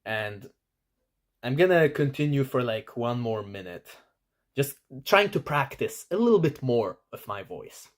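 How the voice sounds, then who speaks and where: A man talks to camera at an unhurried, deliberate pace. His delivery is halting, full of repeated restarts. He sounds self-conscious, working to keep his voice at a middling pitch and a flatter, plainer register. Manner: self-conscious, trying to talk in a lower, flatter way. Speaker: vlogger. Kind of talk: self-recorded talk to camera.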